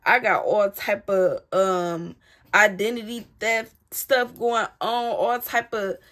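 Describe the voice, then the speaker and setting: A woman's voice: mid-range voice, takes it slowly. A woman telling a personal story in a casual, dramatic way, talking straight to her viewers. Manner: animated, dramatic retelling addressed straight to viewers. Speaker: storyteller vlogger.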